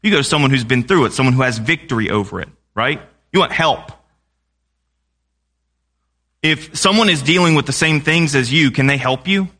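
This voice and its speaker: A man's voice: medium pitch, quick pace, pushed and bright. A young man preaching a sermon in a conversational way, often asking the congregation questions.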